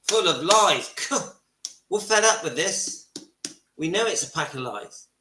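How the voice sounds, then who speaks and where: A middle-aged man delivers an impassioned monologue on his own channel, repeating phrases for emphasis. Recording at home in his kitchen and lounge, his slightly high voice sounds bright and forceful in an echoey room.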